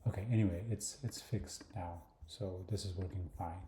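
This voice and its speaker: A man's voice: deep voice, steady tone, normal speed, warm tone, a little hiss or hum. A man walking through a design tutorial on screen, thinking aloud, hesitant and full of fillers, often dropping to a mutter or whisper. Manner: hesitant, many fillers and restarts. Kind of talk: screen-recorded design walkthrough. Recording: echoey room.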